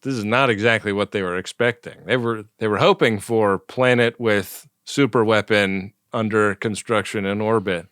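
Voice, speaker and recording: A man co-hosting a podcast, recapping in a relaxed way with wry asides. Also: on the low side, moderate pace, hardly any pauses, smooth, no room sound, clean studio sound. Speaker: podcast co-host. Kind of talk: casual chat.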